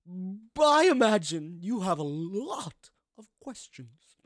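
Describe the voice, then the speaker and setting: A man voicing a prim female town mayor in a tabletop game, with crisp consonants and an odd put-on accent. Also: high voice, sing-song, takes it slowly, no echo, clean studio sound, voice pushed up, heavily acted. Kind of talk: tabletop game role-play.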